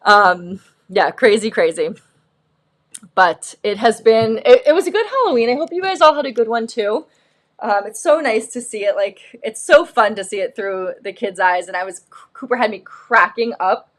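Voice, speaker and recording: A woman in her thirties hosting a live shopping stream, telling stories in a casual, animated way with lots of fillers. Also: fairly high pitch, moderate pace. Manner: animated storyteller, acts out quotes, lots of "like" and "um". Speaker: host of a live shopping show.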